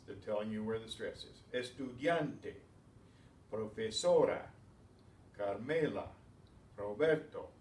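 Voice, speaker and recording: A man's voice: medium pitch, a little hiss or hum. A man teaching a beginners' Spanish class, explaining rules methodically with chatty asides. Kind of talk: classroom lesson. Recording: echoey room, distant mic, faint ambience.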